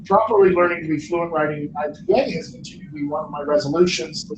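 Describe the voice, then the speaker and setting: A fairly high-voiced man hosts a live question-and-answer stream as a dialect coach. He is upbeat and jokey and keeps cheering his viewers on. His voice rings in a roomy space with steady noise behind it. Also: fast. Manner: upbeat, joking, encouraging. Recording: echoey room with background noise.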